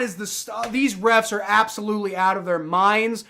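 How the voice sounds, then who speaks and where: High, bright-voiced man ranting at refs. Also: normal speed, creaky, hardly any pauses. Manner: excitable, swearing, shouting in outrage at refs. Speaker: livestream football reaction host. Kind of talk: live sports reaction commentary.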